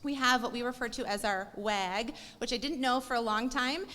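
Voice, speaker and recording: A woman's voice: a little high, normal speed, bright, forceful tone. A woman in her thirties, a parent fellowship coordinator, giving a bubbly, enthusiastic welcome to new parents. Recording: hall with long reverb.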